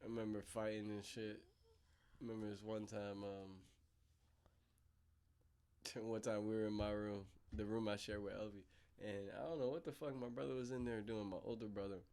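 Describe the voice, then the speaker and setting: A man's voice: on the low side, steady tone, normal speed, darkish tone, clean tone. A young man hosting a podcast, telling childhood stories in a laid-back, slangy way. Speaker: podcast host. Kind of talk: casual chat.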